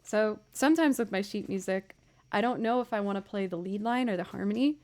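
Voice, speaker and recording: A woman musician chatting casually with viewers on a livestream, bubbly and quick to thank them. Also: mid-range voice, darkish tone. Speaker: musician streamer.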